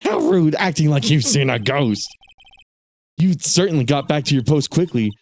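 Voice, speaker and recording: A man voicing a prickly old woman security guard in a shrill, cackling voice, reading game dialogue aloud. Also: sing-song, normal speed, gravelly, a little mellow, slight background noise. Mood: indignant.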